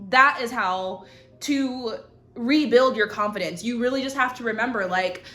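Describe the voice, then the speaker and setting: A woman's voice: fairly high pitch, a little slow, pushed and bright. A woman hosting her own show, giving frank, profane advice in casual chat to camera from a hot indoor room. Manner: blunt and profane, frank girlfriend-to-girlfriend talk. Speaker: host.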